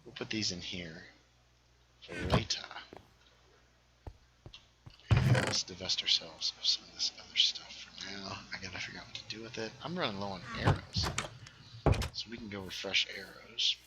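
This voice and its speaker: A middle-aged man hosting a game livestream, yelling at enemies and chatting casually. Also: sits low, normal speed, long pauses, very noisy. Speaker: livestream host. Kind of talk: casual gameplay commentary.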